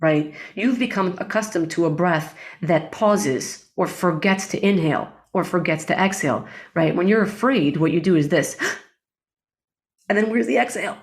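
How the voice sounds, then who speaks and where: Woman, breathwork facilitator, interview guest, low voice, calm, unhurried, explanatory. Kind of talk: interview conversation.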